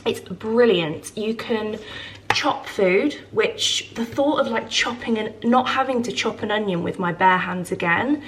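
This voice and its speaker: A woman's voice: medium pitch, a little slow, fairly bright tone, a little hiss or hum. A young woman chatting casually to camera about her home and family, full of fillers and gushing asides. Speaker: lifestyle vlogger. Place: home with farm animals nearby.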